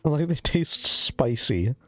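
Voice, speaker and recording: A man's voice: mid-range voice, animated, slow pace, dry recording, faint music behind. A man streaming a casual chat while sick. He coughs, sounds loopy and rambles, swearing a lot.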